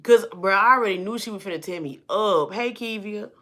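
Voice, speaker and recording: A woman vlogger telling a personal story to her viewers in a lively, chatty way, calling them y'all and honey and acting out the people in it. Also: mid-range voice, a little fast. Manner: acts out the people in her stories.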